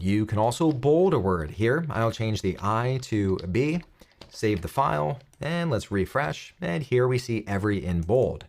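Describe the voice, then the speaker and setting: Man, coding tutorial voice-over, step-by-step, lively intonation. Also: mid-range voice. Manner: clear step-by-step explaining. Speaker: web coding instructor. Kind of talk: screen-recorded coding tutorial.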